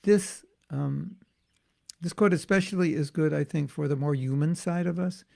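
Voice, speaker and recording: Man with a gravelly, fairly high voice. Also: normal speed, a little mellow. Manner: conversational and musing, with frequent restarts and asides. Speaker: spiritual teacher. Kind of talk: informal devotional class talk.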